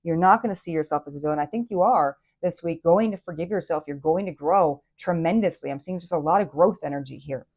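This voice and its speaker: Female tarot host, low-ish voice, chatty and easily excited, rambling delivery. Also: fast, few pauses. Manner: excitable, enthusiastic, chatty with many fillers and restarts. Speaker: tarot reader and channel host. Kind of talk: casual tarot reading to camera.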